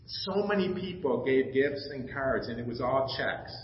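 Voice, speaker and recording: A middle-aged pastor giving a personal testimony in a sermon, telling stories and acting out the dialogue with emotion. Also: male voice, mid-range voice, expressive, unhurried, slight background noise. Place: church sanctuary. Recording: echoey, slightly dull church recording.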